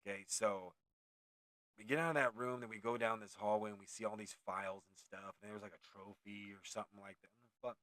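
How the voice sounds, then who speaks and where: A man around forty from California spins a haunted tale in a loose, profane ramble, often losing his thread and correcting himself. His voice sits low, and the recording is dry and close with no room sound. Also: steady tone, quick pace, a bit bright, no echo. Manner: rambling, profane, laid-back; tangents and self-corrections. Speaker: storyteller. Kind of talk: casual storytelling.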